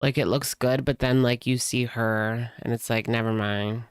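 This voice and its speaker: A woman's voice: extremely low pitch, fairly even intonation, normal speed, smooth, dry recording. A woman hosting casual reaction commentary, chatty and sarcastic, leaning on "like" as she talks close to the mic at home. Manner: sarcastic, chatty, heavy use of "like". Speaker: commentary host.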